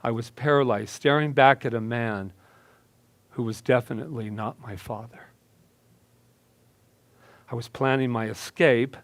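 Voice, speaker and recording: Man, minister, sermon storytelling, very slow, deliberate, dramatic, dry close sound. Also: mid-range voice, no echo. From United States.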